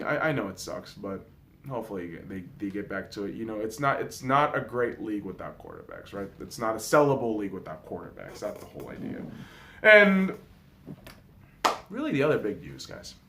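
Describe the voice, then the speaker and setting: A young man hosting a podcast, talking sports in a casual, profane, excitable monologue with big swings in volume. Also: fairly low pitch, moderate pace, slight background noise. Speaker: podcast host.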